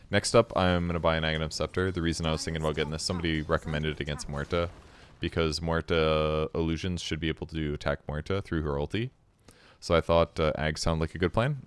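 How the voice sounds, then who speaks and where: Very deep-voiced relaxed male commentator. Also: smooth. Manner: relaxed, self-critical, explains his choices. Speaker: video game commentator. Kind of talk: casual replay commentary.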